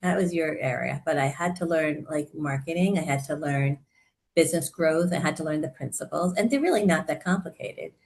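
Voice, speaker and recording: A woman in her sixties, a therapist and coach, chatting as a guest and telling her story with animated warmth and frequent laughter. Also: sits low, fairly quick, gravelly. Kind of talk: casual conversational interview.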